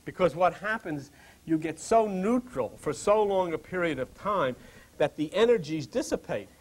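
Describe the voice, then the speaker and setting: A man's voice: sits high, lively intonation, moderate pace, slightly rough, low-quality recording. A man giving an informal spiritual lecture to a small group, rambling, chuckling through joking asides and putting questions straight to his listeners. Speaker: spiritual teacher.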